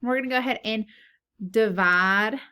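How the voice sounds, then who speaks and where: A woman's voice: mid-range voice, normal speed, fairly bright tone. A woman teaching a phonics lesson to young children, patiently asking questions and then answering them herself.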